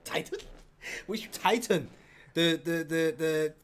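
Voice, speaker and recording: A man co-hosting a casual question and answer chat, talking haltingly and stumbling over his words. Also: a little high. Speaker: co-host.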